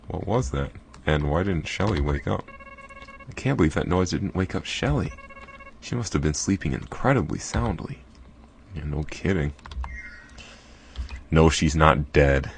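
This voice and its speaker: Over faint game music, a man hosts a let's play, offering casual and apologetic commentary on the gameplay. His voice is extremely low with vocal fry, and the recording carries a slight hiss or hum.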